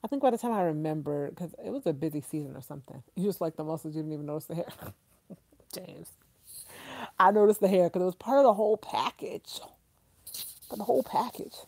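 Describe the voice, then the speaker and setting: A woman's voice: lowish voice, expressive, fast talker, a little mellow, no room sound. A woman hosting a casual live stream, chatting effusively, laughing often and reading out viewer comments.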